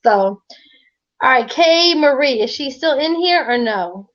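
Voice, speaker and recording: A woman co-hosting a live stream, telling a story in a casual, animated way with slang and frequent laughter. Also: high voice, unhurried. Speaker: live stream co-host doing readings. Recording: dull lo-fi stream audio.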